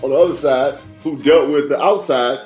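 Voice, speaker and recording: A man's voice: a little high, moderate pace, a little mellow. A man with a slightly raised voice co-hosts a casual sports podcast. He talks loose and profane, looping back on "you know what I'm saying." Faint music sits underneath. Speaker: podcast co-host.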